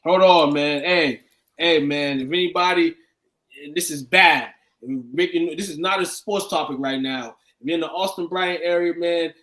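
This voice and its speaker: Bright slangy man in sports chat. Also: fairly high pitch. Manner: slangy, laid-back, calls people dog. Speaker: sports podcast co-host.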